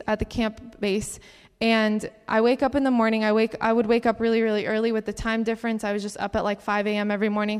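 A woman's voice: on the high side, clean tone. Young woman telling testimonies in a reverberant hall. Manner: chatty and animated, acts out the dialogue of her stories. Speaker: camp counselor giving a testimony talk. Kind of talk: sermon-style testimony storytelling. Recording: long reverb of a large hall.

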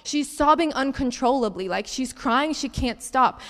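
Young woman, animated church testimony, slightly high voice, long hall reverb. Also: normal speed. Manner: animated storytelling with laughs. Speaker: speaker at a church gathering. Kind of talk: personal testimony talk.

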